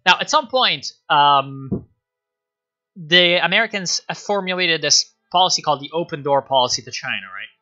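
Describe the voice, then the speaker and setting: A man talks history on a live stream, rambling and sardonic, with a lot of filler words. His voice is sharp and very bright. The audio is dull and lo-fi, with faint music underneath. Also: on the high side, lively intonation, moderate pace.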